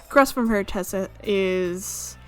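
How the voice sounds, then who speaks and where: A woman streamer reading a visual novel aloud, amused and quick to laugh. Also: mid-range voice, a little mellow. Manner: amused, reads with frequent laughs.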